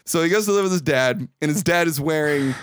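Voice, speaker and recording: A man's voice: a little high, quick pace, clean tone, no echo, studio quality. A man co-hosting a podcast, casually recapping a movie, rambling and laughing often. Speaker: podcast co-host.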